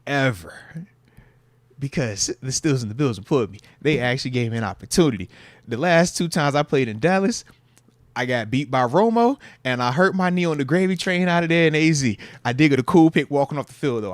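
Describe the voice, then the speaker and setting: A man co-hosting a casual sports podcast, animated and slangy, repeating his phrases for emphasis. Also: medium pitch, quick pace, no echo. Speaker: podcast co-host, former player.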